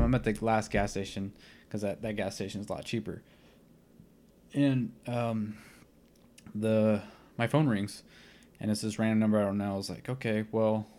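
A man's voice: fairly low pitch, warm tone. Rambling young man telling a story. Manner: rambling, filler-heavy, retells scenes with quoted dialogue. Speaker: podcast host. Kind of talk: casual storytelling.

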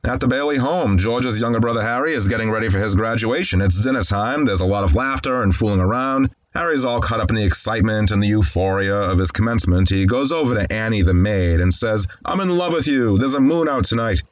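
A man's voice: on the low side, fast talker, hardly any pauses, muffled recording. A man casually recapping a classic film, candid and conversational with wry asides. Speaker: film commentator.

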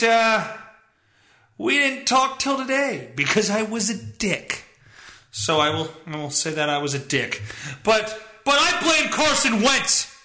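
A man hosting his podcast, ranting casually with lots of profanity and bursts of exasperated shouting. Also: very high-pitched, echoey room. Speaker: podcast host.

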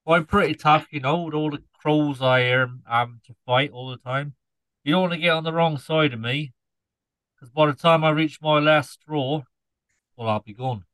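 A man's voice: a little high, level tone, moderate pace, bright, forceful tone, clean tone, no echo, low-quality recording. A man putting on a dim, punning scarecrow. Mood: cheeky. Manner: punning, rambling, loses his put-on accent. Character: dim male scarecrow from a farm, cheeky.

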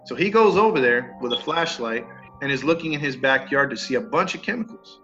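A man's voice: medium pitch, fairly quick. Slangy man telling a crime story. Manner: animated, slangy, acts out quotes. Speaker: podcast host telling a true crime story. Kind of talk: casual storytelling. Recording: dull lo-fi sound with faint music.

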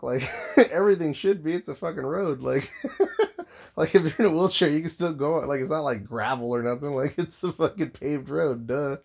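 A man's voice: mid-range voice, creaky, a little mellow. A man in his thirties, a father, telling a long casual story, rambling and swearing constantly with lots of filler words.

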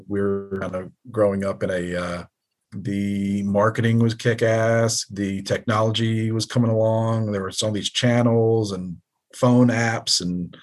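A man co-hosting a podcast, rambling in a laid-back way and swearing casually. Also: lowish voice. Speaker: podcast co-host. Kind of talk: casual chat.

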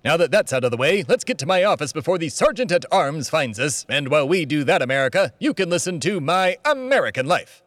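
A man playing a pompous, self-important patriot senator who delivers grandiose claims with a deadpan manner. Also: fairly high pitch, fairly quick, few pauses. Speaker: comedy podcast host. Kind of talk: scripted comedy sketch.

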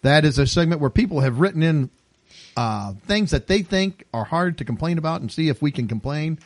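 A man hosting a casual podcast chat, his voice sitting a little high for a man. He tells stories with big swings in pitch and laughs often. The sound is dry and close. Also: a little fast, no echo. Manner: laughs often, animated storytelling. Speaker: podcast host.

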